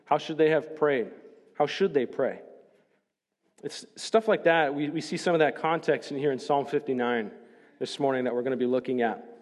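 A man preaching as a pastor, joking casually with the congregation before slowing down to read scripture solemnly. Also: mid-range voice, long reverb tail. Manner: chatty and joking, then slow solemn scripture reading. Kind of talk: sermon. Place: church sanctuary.

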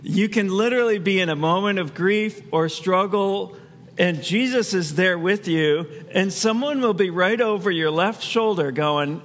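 A man's voice: high voice, unhurried, fairly bright tone, big-room sound. A man preaching a sermon as pastor, in a conversational way with asides he laughs at himself.

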